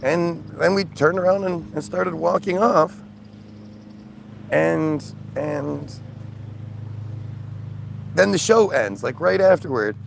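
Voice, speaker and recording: A man with a slightly high, gravelly voice tells a rambling story to his live feed, exasperated and acting out the people he quotes. He is outdoors, and traffic hums faintly behind him. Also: slow pace, pauses often. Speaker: streamer.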